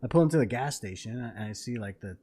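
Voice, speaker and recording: A man's voice: lowish voice, expressive, fast, warm tone, slightly rough. A man in his thirties, a podcast co-host, casually telling a long story full of swearing and laughter. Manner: profane, rambling, laughing storyteller.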